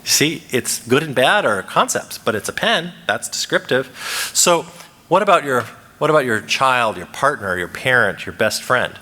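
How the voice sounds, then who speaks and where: A man giving a lively lecture at a conference, asking the audience questions and acting out quoted lines. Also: medium pitch, moderate pace. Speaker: conference speaker. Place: conference hall. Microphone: microphone. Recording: reverberant lecture hall.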